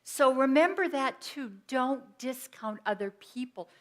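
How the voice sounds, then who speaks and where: A woman's voice: high voice, unhurried, fairly bright tone. A woman minister giving an earnest, personal sermon in a conversational teaching style with everyday examples.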